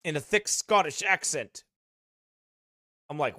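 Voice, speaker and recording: High, bright-voiced man reading aloud. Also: animated, normal speed, no room sound, studio quality. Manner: folksy asides between read passages. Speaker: broadcast teacher. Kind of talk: reading a book aloud with remarks.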